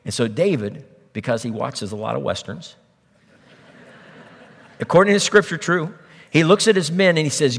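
A middle-aged pastor preaching a sermon, telling a story with humor and acted voices. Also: male voice, mid-range voice, normal speed, gravelly, big-room sound. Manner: animated storytelling with jokes and voices.

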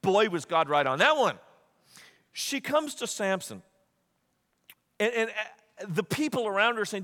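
A man preaching a sermon, retelling stories with lively, acted-out voices. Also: high-pitched, unhurried, long pauses, big-room sound. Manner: animated storytelling, acts out quotes. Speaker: pastor.

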